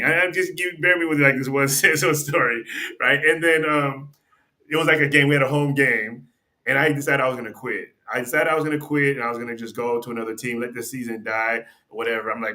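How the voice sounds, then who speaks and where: Bright-voiced man telling a story. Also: medium pitch, fairly even intonation, fast talker. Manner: rambling, restarts sentences, acts out quoted dialogue; conversational, with frequent "you know" and "like". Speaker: podcast guest. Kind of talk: casual storytelling.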